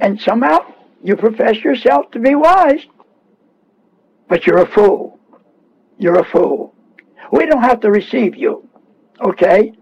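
A man's voice: high-pitched, creaky, a little mellow, husky, highs cut off. A man preaching a fervent radio sermon, scolding and repeating himself as he presses his points.

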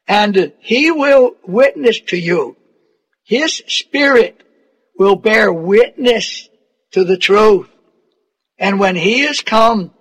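A male preacher with a very high voice delivers a sermon at an unhurried, drawn-out pace. He speaks deliberately and presses each point with repetition and pointed rhetorical questions. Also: a bit bright.

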